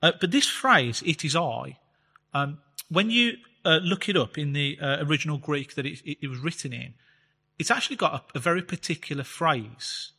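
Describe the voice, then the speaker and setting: A man giving a chatty Bible teaching talk, reading scripture slowly and explaining it with fillers. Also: on the high side, expressive, pushed and bright, breathy edge. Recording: long reverb, hall-like space.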